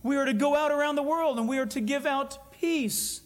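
Higher-voiced man preaching a sermon. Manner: earnest, storytelling preacher with emphatic slowed phrases. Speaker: pastor.

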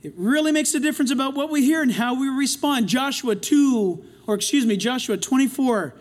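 Man, pastor, very high voice, impassioned sermon, loud and soft swings. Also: fairly quick. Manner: impassioned preaching, swings between loud and quiet.

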